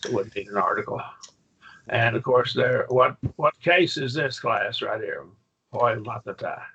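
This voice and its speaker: A man's voice: medium pitch, lively intonation, measured pace, pushed and bright, slightly rough, muffled recording. A man teaching a Greek grammar class, patiently quizzing his students with questions. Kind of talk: classroom lesson.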